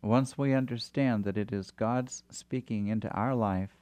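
A man's voice: fairly low pitch, measured pace, a little mellow. A man hosting a Christian talk conversation, affirming and reflective. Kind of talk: christian talk show chat.

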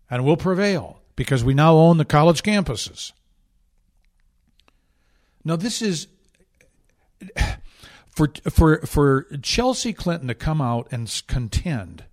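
A man's voice: a little high, a little mellow. A man hosting a political talk show, delivering sarcastic, indignant commentary with emphatic repetition and frequent restarts.

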